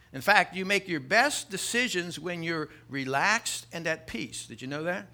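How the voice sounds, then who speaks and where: Bright-voiced male pastor preaching. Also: a little high. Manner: conversational, storytelling with jokes; repeats words when starting sentences. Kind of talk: sermon.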